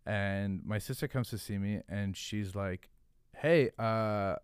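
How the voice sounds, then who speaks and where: A man's voice: lowish voice, fairly even intonation, a little slow, clear, resonant tone, no room sound, studio quality. A man, a podcast guest, telling a rambling, profane story in casual chat, full of "like". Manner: profane, rambling, heavy use of "like". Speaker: podcast guest, hot sauce founder.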